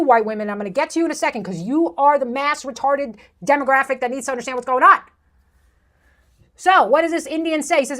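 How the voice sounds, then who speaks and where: A woman's voice: high voice, fairly bright tone. A woman hosting a commentary video, ranting in an abrasive, insulting, sarcastic way from a room with a plain wall. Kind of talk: ranting commentary over clips.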